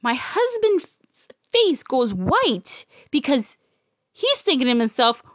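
A woman telling a personal story in a blunt, profane and animated way. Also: high voice, slow, dry recording, lo-fi sound.

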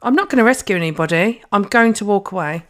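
A woman's voice: medium pitch, expressive, quick pace, fairly bright tone. A woman co-hosting a podcast, ranting in a casual, sweary way and slipping into mock quotes of other people. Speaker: podcast co-host. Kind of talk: casual chat.

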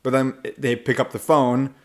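A man who coaches people on their accents speaks at an ordinary middle pitch. He talks in a lively, casual interview manner and often breaks into the voices of the people he quotes. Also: normal speed. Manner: animated, acts out quoted voices.

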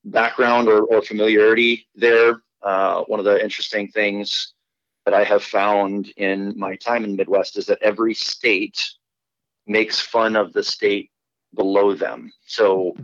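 A man from Iowa, a pastor, talking casually in a podcast interview with a relaxed, rambling manner and many fillers. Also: fairly low pitch, measured pace, no echo. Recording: dull, lo-fi remote audio.

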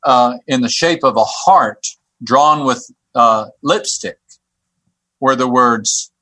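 A man who works on a church staff tells a personal story as a guest. He talks haltingly, repeating words and restarting his sentences. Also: mid-range voice, bright, forceful tone, dry recording. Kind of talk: telling a personal story on a podcast.

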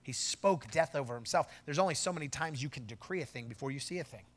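A middle-aged man preaching a sermon as pastor, telling a story with swings from low asides to loud exclamations. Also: lively intonation, quick pace.

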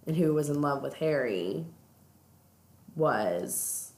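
In an echoey room, a podcast co-host with a low-pitched, somewhat dark voice talks slowly but animatedly. She's in a casual book-club chat, going over a book's plot in great detail.

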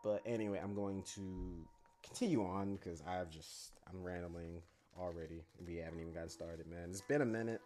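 A man's voice: sits low, darkish tone. A young man giving a casual, rambling, profane review, blunt and full of fillers. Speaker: anime reviewer.

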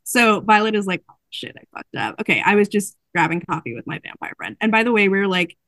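A woman retells a book in an animated, casual way, slipping into the characters' lines as she goes. Her voice sits in a middle range. The sound is close and dry, with no room around it. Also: medium pitch, fast talker, no echo. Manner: animated storytelling, acting out quotes. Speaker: podcast host recapping a book. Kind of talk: casual chat.

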